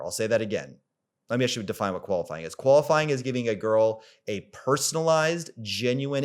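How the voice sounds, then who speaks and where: A man coaching on dating in a rambling, casual way, full of fillers and the odd swear word. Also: medium pitch. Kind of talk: casual coaching monologue to camera.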